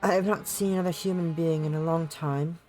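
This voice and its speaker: Lonely young village girl in a visual novel, welcoming, wobbly put-on southern drawl drifting Scottish, voiced by a streamer, mid pitch. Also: steady tone, a little fast, darkish tone, faint music behind, close to an everyday voice.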